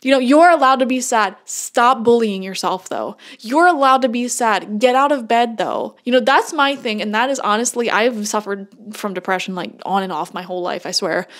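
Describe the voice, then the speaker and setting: A woman's voice: on the high side, a bit bright. A woman giving a casual tarot reading to camera, talking earnestly and bluntly, with frequent laughs. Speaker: tarot reader.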